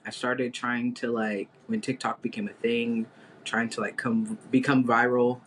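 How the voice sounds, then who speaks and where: A man's voice: mid-range voice, little pitch movement, unhurried, fairly bright tone, a little hiss or hum. A man chatting casually as a podcast guest, easygoing, with many filler words as he talks. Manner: easygoing, lots of filler likes. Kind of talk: casual chat.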